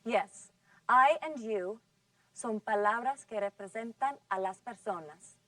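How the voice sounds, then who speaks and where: A woman runs a scripted class in a fairly high voice, patiently drawing out each model word. She sits back from the mic, and the room sounds dry. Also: bright, forceful tone, no room sound, distant mic. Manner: patient, drawn-out model words. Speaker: English teacher.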